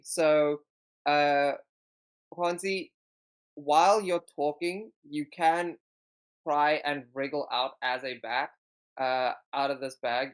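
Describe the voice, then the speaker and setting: Brief: easygoing game master, middle-pitched. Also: rough recording. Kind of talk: running a tabletop game.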